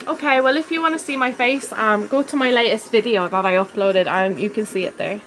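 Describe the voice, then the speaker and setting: A woman from Ireland with a Dublin accent, chatting casually on a live stream and answering viewer comments with excited warmth. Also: on the high side, fairly quick, slight background noise, low-quality recording. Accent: Dublin Irish. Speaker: fish-keeping live streamer.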